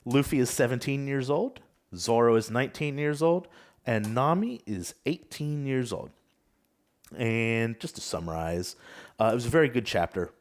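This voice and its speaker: A man hosting a casual podcast discussion, recapping in a measured, thoughtful way with some hesitations. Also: medium pitch, expressive. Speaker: podcast host.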